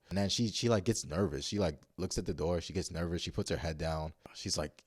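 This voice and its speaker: Deep-voiced man telling a blunt story. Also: quick pace, few pauses, no room sound, clean studio sound. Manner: blunt, profane slang, rambling restarts. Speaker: vlogger. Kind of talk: casual story time.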